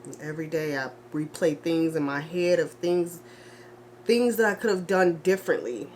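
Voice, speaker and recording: A grieving young woman in a confessional vlog, speaking in halting, repetitive bursts with heavy sighs and restarts. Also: low voice, a little mellow, slight background noise. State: grieving, low and emotional. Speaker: vlogger.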